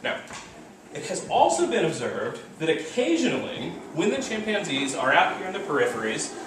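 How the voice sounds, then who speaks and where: A man giving a lively university lecture, now and then acting out animal calls. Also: on the high side, normal speed. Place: large lecture hall. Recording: echoey lecture hall, distant mic, background noise.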